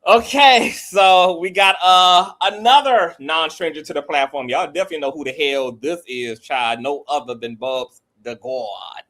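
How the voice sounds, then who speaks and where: A man hosting a casual panel chat on a video call, sassy and animated, with his voice leaping up when he gets excited. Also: on the high side, moderate pace, few pauses. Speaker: host.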